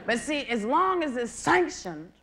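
Brief: woman comic, high animated voice, profane live stand-up, noisy VHS tape with loud audience. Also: unhurried. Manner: profane, conversational, mocking impressions. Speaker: stand-up comedian. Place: theater stage with laughing audience.

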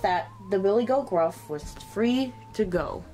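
A woman reading a children's story aloud in an expressive, sing-song storyteller's way, greeting her young listeners. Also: mid-range voice, unhurried, few pauses.

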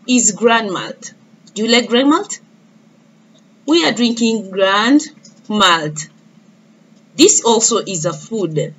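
A woman with a slightly high voice leads a lesson for small children. She speaks very slowly and patiently. She repeats words clearly so the class can echo them. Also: expressive, a bit bright. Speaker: teacher. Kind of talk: early-years classroom lesson.

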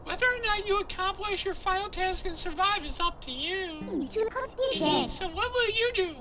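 A man's voice: extremely high pitch, measured pace, pitched above the performer's own voice. Midna, a man doing a sly imp girl. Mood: teasing. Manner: teasing, sly. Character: impish teasing female twilight imp. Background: game music.

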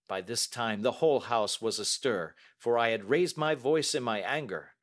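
Guy reading a story for english learners, slow and deliberate. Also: mid-range voice. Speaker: story reader. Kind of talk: scripted narration for English learners.

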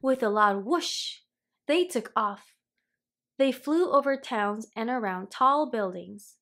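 A woman reading a children's story aloud, slowly, clearly and expressively. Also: a little high, expressive, a bit bright. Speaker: storybook reader.

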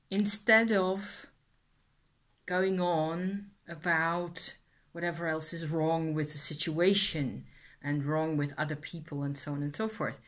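Middle-aged woman vlogger, low-ish voice, slow and searching, earnest self-reflection. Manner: hesitant and searching, trailing off and restarting. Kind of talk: reflective personal vlog.

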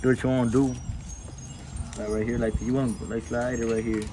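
A man speaking at a middle pitch, joking around with friends in casual banter. He flips between Spanish and English, and loud background noise fills the phone recording. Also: level tone, a little fast. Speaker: friend helping on a car project.

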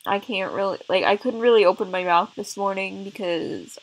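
A woman's voice: medium pitch, expressive, normal speed, rough recording. A young woman, a gaming channel host, rambling through casual gameplay commentary with lots of fillers, talking around a rubber band from her braces. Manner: chatty, rambling, many "like" and "um" fillers.

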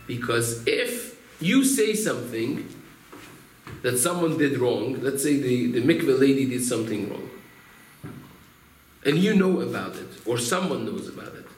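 A man's voice: mid-range voice, big pitch swings, unhurried, a little hiss or hum. A man, a rabbi, teaching a Torah class through storytelling, acting out quotes and explaining Hebrew terms. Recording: roomy room echo, faint ambience.

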